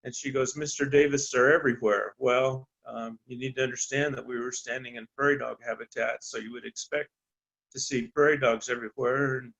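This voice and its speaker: A man from eastern Colorado, a rancher, telling a story in a halting, folksy way with many ums and restarts. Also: medium pitch, flat delivery, creaky, fairly bright tone, muffled recording. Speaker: rancher on a landowner panel. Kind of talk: storytelling on a panel talk.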